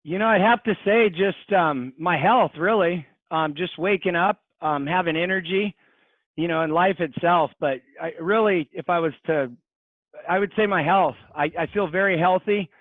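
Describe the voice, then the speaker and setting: A man in his forties talks as a podcast guest in an earnest, reflective way. His voice sits a little high. It comes through a dry, tinny line that sounds like a phone. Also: normal speed, dry recording. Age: 40s. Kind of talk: casual interview chat.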